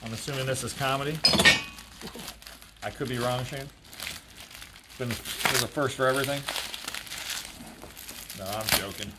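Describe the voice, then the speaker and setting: A man, an auctioneer, giving casual, joking commentary while unboxing, with excited exclamations. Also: mid-range voice, normal speed, long pauses. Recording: noisy background with crinkling.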